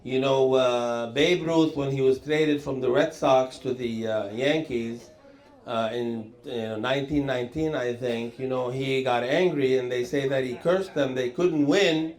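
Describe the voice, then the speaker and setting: A man in his sixties, hosting and telling rambling stand-up comedy stories, jumping to a higher voice for quoted lines. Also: unhurried. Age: 60s. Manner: rambling, animated, jumps up high for acted quotes. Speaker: comedian host. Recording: roomy echo.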